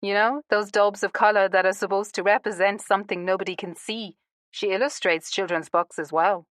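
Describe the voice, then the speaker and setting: A woman voicing a lively, gossipy woman in her sixties in an audiobook, bold and quick to confide. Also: mid-range voice, no room sound, natural voice.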